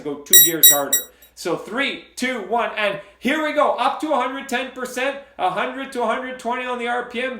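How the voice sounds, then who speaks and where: A man with a fairly high voice coaches an indoor cycling workout. He counts down each interval and repeats short, upbeat cues. The sound is roomy, with a clear echo around him. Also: fairly bright tone.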